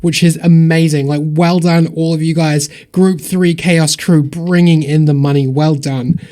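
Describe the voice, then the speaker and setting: A man with a slightly high voice hosts a charity stream and reads out donors one after another. His delivery is upbeat and rambling, and he keeps thanking people. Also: fairly even intonation, measured pace, dark tone. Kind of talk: casual livestream donation shout-outs.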